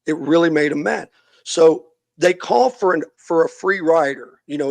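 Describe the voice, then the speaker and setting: A middle-aged youth minister, appearing as a podcast guest, tells a long story in casual interview talk, acting out the people he quotes. His voice is fairly high with vocal fry, at normal speed, with no echo.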